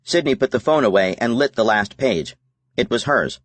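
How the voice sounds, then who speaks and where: A man narrating a novel as an audiobook in a measured, even reading. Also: medium pitch, no room sound. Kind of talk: scripted narration.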